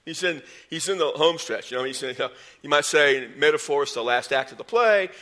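A man delivering a sermon from the pulpit, his voice bright and sharp-edged. He sits a little higher than most men and climbs higher still as he drives a point home, with homespun asides along the way. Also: a little fast. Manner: animated preaching, rising in pitch and volume when stressing points; folksy asides and sports metaphors. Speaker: pastor.

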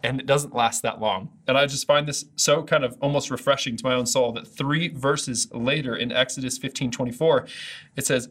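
A man's voice: mid-range voice, steady tone, normal speed, fairly bright tone, husky. A man preaching an earnest, conversational video sermon as a pastor.

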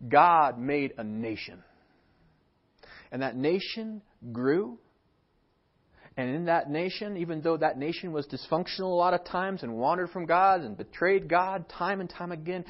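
A man preaching a sermon as pastor of a church, swinging from soft, quiet lines to emphatic, raised ones. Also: a little high, expressive, moderate pace, muffled recording. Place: church sanctuary.

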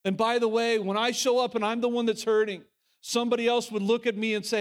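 This male pastor has a high-pitched voice and talks fast, though his delivery stays flat. Earnest and convinced, he stumbles and starts over frequently, sinking abruptly into quiet, intimate moments before rising again to drive a point home.

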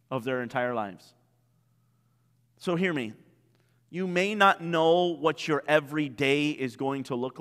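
A male pastor preaching a sermon, animated, with many rhetorical questions. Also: on the high side, clear, resonant tone, in a large hall.

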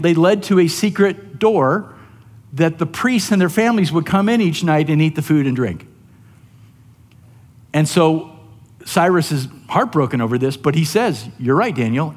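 A man's voice: a little high, darkish tone. Male preacher, chatty sermon delivery with frequent "right?", echoing hall. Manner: conversational, often asks "right?". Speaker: pastor.

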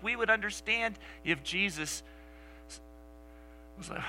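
Male pastor, sermon delivery, bright and lively, soft music underneath. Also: mid-range voice, measured pace, pauses often, poor audio. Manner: animated storytelling, drops to soft near-whispers for emphasis.

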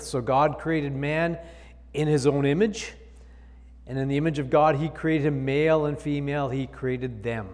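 A man's voice: a little high, normal speed, a little mellow, big-room sound. A male pastor preaching a sermon, reading scripture aloud and explaining it with emphatic repetition.

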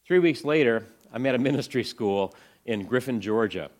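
A man giving an inspirational talk to a church audience, storytelling earnestly and swinging from hushed lines to excited ones. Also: medium pitch, normal speed. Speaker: ministry speaker presenting to a church audience.

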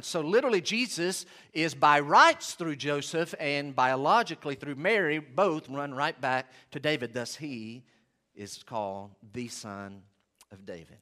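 A man preaching a sermon to his congregation, emphatic, slowing down and shifting loudness to stress his points. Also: a little high. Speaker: pastor.

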